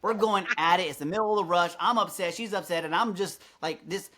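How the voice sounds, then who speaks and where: A man's voice: sits high, brisk. A man, a podcast guest, telling a story in casual chat, swearing freely and acting out the people he quotes. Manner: animated, swears freely, acts out quoted lines.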